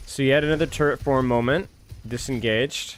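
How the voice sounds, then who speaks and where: A man's voice: medium pitch, moderate pace, a little hiss or hum. A man casually reviewing an esports match, rambling and exasperated, repeating phrases over and over. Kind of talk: casual game review commentary.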